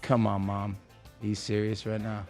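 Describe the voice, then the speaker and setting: A man hosting a podcast, telling stories in a rambling, animated way with lots of restarts. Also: fairly low pitch, moderate pace, faint music behind. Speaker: podcast host. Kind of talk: casual chat, storytelling.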